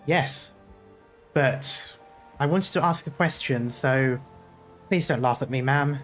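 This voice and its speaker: A man's voice: mid-range voice, slow, fairly bright tone, faint music behind. A man voicing a timid young sailor who speaks hesitantly and politely, stumbling over his words, in a game reading. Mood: shy.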